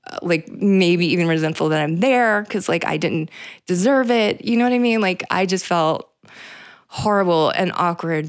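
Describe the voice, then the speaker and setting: A young woman talks through a casual solo podcast, rambling and peppering every thought with fillers and curses. Her voice sits low and gravelly, and the recording is dry and close. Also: dry recording. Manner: rambling, frequent "like" fillers, swearing. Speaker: podcast host.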